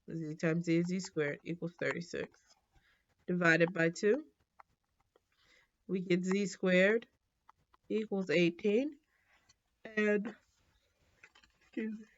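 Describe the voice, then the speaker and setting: A woman teaches a math lesson in a laid-back, easygoing manner, reasoning out loud and fixing her own slips as she solves problems. Her pitch is medium, and the recording sounds muffled.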